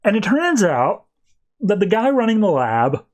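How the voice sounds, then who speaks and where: A man's voice: sits high, sing-song, measured pace. A male podcast host casually recapping a comic book, rambling as he tells the story and acts out the characters' lines. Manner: rambling storytelling, acting out quotes.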